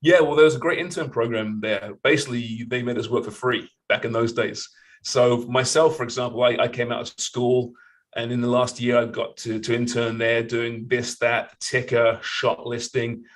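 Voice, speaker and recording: A man's voice: mid-range voice, level tone, normal speed, poor audio. A middle-aged man as a podcast guest in casual interview chat, easygoing, laughing and self-deprecating.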